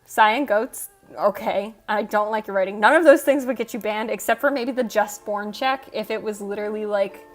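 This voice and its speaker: A woman hosting a casual livestream, reading chat aloud and teasing viewers with frequent laughs. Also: mid-range voice. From United States. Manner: teasing, quick, laughs often. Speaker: livestream host. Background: soft background music.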